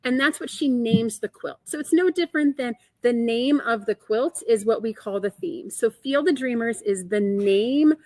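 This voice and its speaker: A woman's voice: on the high side, moderate pace, few pauses, a little mellow, no echo. A woman hosting a chatty, upbeat live stream, explaining a quilt program and answering viewer comments. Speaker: quilt shop host. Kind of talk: live-stream product talk.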